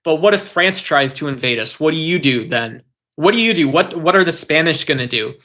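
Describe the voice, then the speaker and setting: A young man talks politics on a casual livestream, rambling from point to point and stopping to read and answer chat comments. His voice sits a touch high for a man, with a bright, forceful edge. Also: fairly quick. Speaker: livestream host.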